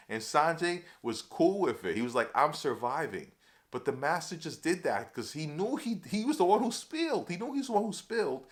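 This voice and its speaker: A man casually recapping a TV episode for his viewers, excitable and chatty, calling them y'all and acting out the characters' lines. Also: fairly high pitch. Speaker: TV episode reviewer.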